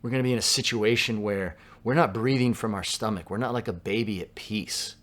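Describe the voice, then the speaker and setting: A man from Southern California preaching a sermon in a conversational way, dropping to a hush for quoted lines. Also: fairly low pitch, a little fast. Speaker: pastor.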